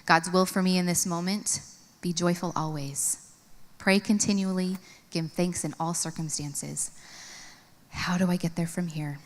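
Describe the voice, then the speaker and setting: A woman in her thirties speaking at a conference, telling an earnest personal story and reading from her journal. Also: unhurried. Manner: earnest, storytelling, expressive swings in pitch. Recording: long hall reverb.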